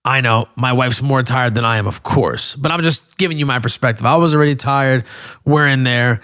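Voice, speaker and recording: A man's voice: mid-range voice, fairly bright tone. A man in his thirties hosting a podcast, telling a personal story in a candid, emotional way with frequent swearing. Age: 30s. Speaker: podcast host.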